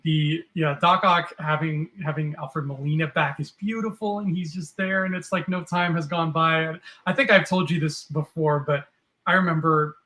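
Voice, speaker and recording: Bright-voiced man chatting on a podcast. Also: on the high side, moderate pace. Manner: animated storytelling, jumps into silly voices for quotes. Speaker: podcast co-host. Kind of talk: casual chat.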